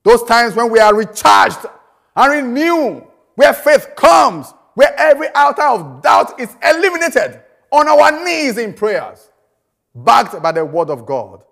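A man's voice: very high-pitched, a bit bright. A man preaching a sermon, emphatic, repeating phrases and asking rhetorical questions.

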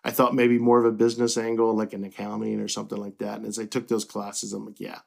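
A middle-aged man from Kentucky, a newspaper publisher, talking in a relaxed, reflective way with many fillers and restarts as an interview guest. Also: lowish voice, quick pace, creaky. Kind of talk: casual interview.

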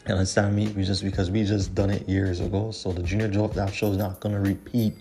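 A man's voice: low-pitched, little pitch movement, fast talker, dark tone, faint music behind. A man hosting a solo podcast, talking casually and bluntly and ranting, with "you know what I'm saying" in nearly every sentence. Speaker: podcast host. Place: Toronto.

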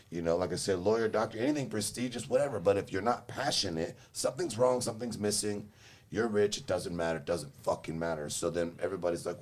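A man's voice: lowish voice, fast talker. A young man from Los Angeles telling his life story in casual chat, rambling and swearing, with frequent laughs. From Los Angeles, Southern California. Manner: profane, rambling, laughs often.

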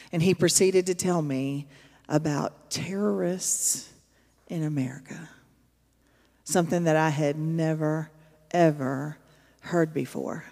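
A woman's voice: deep voice, unhurried, creaky, a little mellow. A woman pastor, preaching a sermon in a storytelling, conversational way with emphatic asides to her congregation. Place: church auditorium. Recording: long reverb of a large hall.

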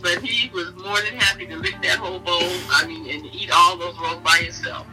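A middle-aged woman, interviewed as a mother, telling fond family memories in an animated way and laughing often. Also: fairly low pitch, moderate pace, loud music behind the voice. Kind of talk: casual storytelling in an interview. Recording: voice heard from a distance.

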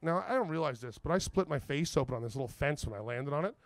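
A man's voice: fast talker, dry recording. A young man, telling a story on a podcast, swearing casually and acting out every character. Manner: lively, acts out every character with big pitch swings; swears casually, says "like" often. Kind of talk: animated storytelling.

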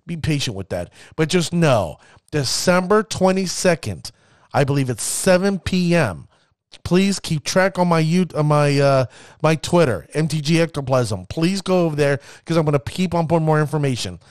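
A fired-up man hosts his own podcast, building hype and tripping over his words as he rambles. His voice sits a touch high for a man. The recording is close and dry, with no room around it. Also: expressive, normal speed, no echo. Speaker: podcast host. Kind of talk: enthusiastic casual podcast talk.

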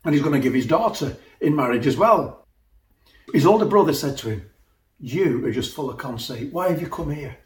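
Guy preaching, kinda high voice, acts out the voices, echoey room. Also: normal speed. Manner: animated retelling with acted-out voices. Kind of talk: sermon storytelling.

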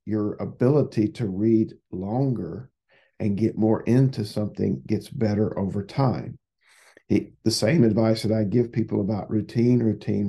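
A man's voice: fairly low pitch, creaky, mellow, husky. A man who works as a psychotherapist, hosting a solo podcast in a rambling, conversational way that often repeats words.

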